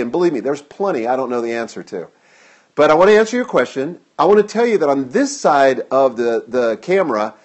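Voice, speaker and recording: A middle-aged man hosting a live-stream Q&A, upbeat and direct, reading viewer comments aloud into a phone camera. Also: fairly high pitch. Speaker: host.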